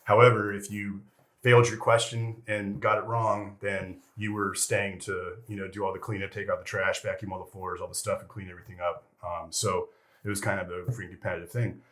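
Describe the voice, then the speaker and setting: A middle-aged man with a very low, deep voice, talking as a guest on an interview podcast. He rambles through old service stories with plenty of "you know" and "freaking" along the way, and the odd curse slips in. The delivery is loose and conversational. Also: flat delivery, brisk, a bit bright. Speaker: interview guest, retired military veteran. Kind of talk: casual storytelling interview.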